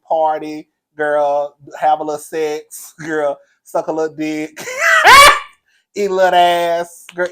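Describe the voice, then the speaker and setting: A man's voice: a little high, darkish tone. A man hosting a casual live stream, chatty and campy, laughing often, grieving a loss. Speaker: commentary channel host.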